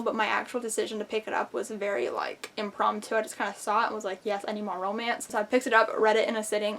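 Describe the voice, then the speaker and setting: Woman book vlogger, fairly high voice, enthusiastic and gushing, casual chat.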